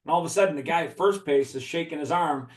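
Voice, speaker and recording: A podcast guest from the Chicago area tells a profane story in a casual chat, laughing as he goes. His voice is a little high and quick, recorded in an echoey room.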